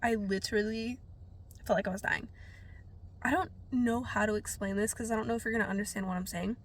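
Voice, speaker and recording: A woman's voice: mid-range voice, steady tone, a little fast. A young woman vlogging casually to camera while sniffly from being sick, rambling and self-deprecating with lots of filler words. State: sniffly from a cold.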